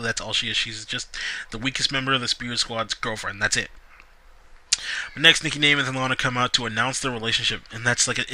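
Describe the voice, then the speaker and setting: A young man reviews a wrestling show in a casual, ranting monologue. His voice is sharp and intense, with a dry, sore edge. He brushes topics off sardonically. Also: fairly low pitch, poor audio. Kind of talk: casual solo review vlog.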